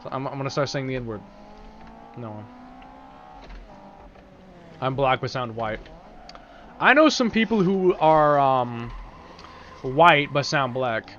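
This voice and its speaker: Streaming a game, this man chats in a loose, rambling way and swears a lot, though his sore throat makes him speak with care. He talks slowly in a sing-song, mid-range voice with a fairly bright tone and long pauses. The sound is lo-fi, with slight background noise.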